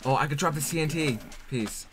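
A man giving excitable commentary while playing a video game, laughing and shouting at close calls. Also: a little high, a little fast. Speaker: gaming channel host. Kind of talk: casual let's-play commentary. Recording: clear background noise.

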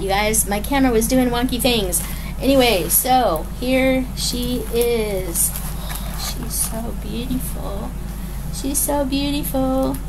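A woman chatting casually as she unboxes a craft kit at home late at night, gushing and rambling with many ums and apologies. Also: on the high side. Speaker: crafting vlogger. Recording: noticeable background noise.

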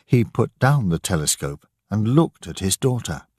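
A man narrating a story slowly and deliberately for English learners. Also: on the low side, sing-song, darkish tone, no room sound, clean studio sound. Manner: slow, clear, deliberate reading.

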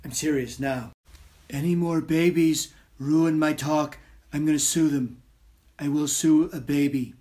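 Man doing a comic impression: deep, husky, self-praising politician who says everything twice. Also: steady tone, unhurried, dark tone. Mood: blustering. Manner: boastful, repeats himself over and over. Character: boastful older male politician impression, blustering and self-praising.

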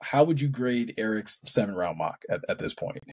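A man co-hosting a casual sports chat, measured and hedging his points. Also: fairly low pitch, expressive, slightly rough. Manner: measured, hedging with "again" and "I mean". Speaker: co-host.

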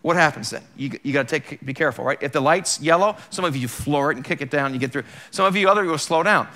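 A man's voice: on the high side, fast talker, pushed and bright. A male pastor giving a sermon in a church, talking conversationally and with emphasis, using plenty of rhetorical questions.

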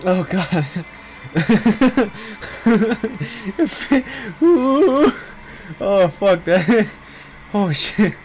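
A gamer who talks very slowly, with a voice that leaps and drops as scares hit, swearing in panic and laughing it off. Faint game ambience sits under the voice. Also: medium pitch, very animated, a little mellow, a little hiss or hum, low-quality recording. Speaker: gameplay streamer. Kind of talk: casual let's play commentary.

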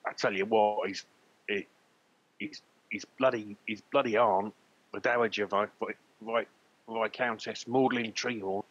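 A man voicing a foul-mouthed, grumbling tavern barman in a tabletop game, with a husky voice and dull lo-fi audio. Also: lowish voice, steady tone, measured pace, fairly bright tone. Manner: sweary, grumbling.

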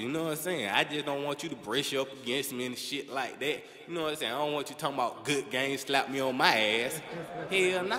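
A man's voice: a little high, noisy background. Young man doing raw stand-up in an echoey club. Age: young adult. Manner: profane, animated storytelling with constant "you know what I'm saying". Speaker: stand-up comedian. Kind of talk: live stand-up set. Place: comedy club stage. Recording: echoey live room, loud ambience.

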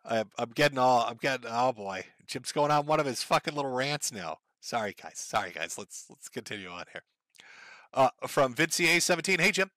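A sardonic man live-streaming from his desk, cursing freely as he rants and reads viewer messages. His voice is bright and swings widely in pitch. The close microphone sounds dry and present. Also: animated, fairly quick, no echo. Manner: profane, ranting, sardonic. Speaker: streamer reading viewer donations. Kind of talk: casual live-stream commentary.

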